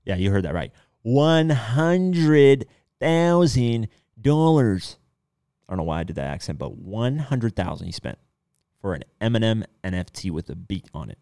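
A man's voice: deep voice, expressive, fast talker, vocal fry, warm tone, no echo, studio quality. A man hosting a podcast alone, talking loosely and rambling, with casual swearing. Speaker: podcast host. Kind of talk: casual solo commentary.

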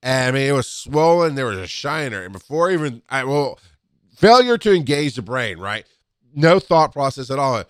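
A man who used to be a paramedic tells work stories in a casual, animated way, with laughs and acted-out quotes. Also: normal speed, clean tone, no room sound, clean studio sound. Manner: animated, acts out quotes with rising pitch and laughs. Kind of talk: casual storytelling monologue.

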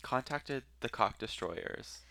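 Young man telling podcast stories, bright tone. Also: medium pitch, lively intonation, slow, gravelly. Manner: storytelling, plays the voices of others. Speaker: podcast co-host. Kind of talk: casual podcast chat.

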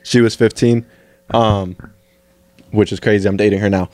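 A young man co-hosting a podcast, talking in halting, profane casual speech full of fillers. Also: fairly low pitch, steady tone, darkish tone, no echo. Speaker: podcast co-host. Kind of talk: casual chat.

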